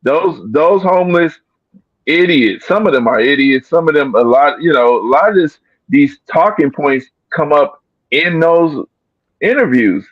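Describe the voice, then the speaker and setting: Animated man on a dry, dull recording. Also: fairly high pitch, measured pace, no echo. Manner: animated, repeats phrases. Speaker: panelist. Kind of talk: heated panel talk.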